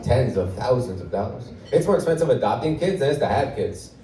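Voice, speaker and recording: Medium-pitched, warm and very animated, this thirtysomething comic from Portland, Oregon talks fast through a live club set. His delivery is wry and self-deprecating, and the distant, roomy recording picks up the audience laughing.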